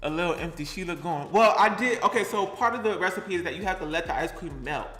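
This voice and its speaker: A man's voice: sits high, expressive, fast, a bit bright, reverberant, soft background music. A young man chatting sassily to the camera while he cooks, with a playful, easygoing manner. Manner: sassy, chatty, talks to the camera and to his things. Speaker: cooking vlogger. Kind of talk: casual cooking vlog.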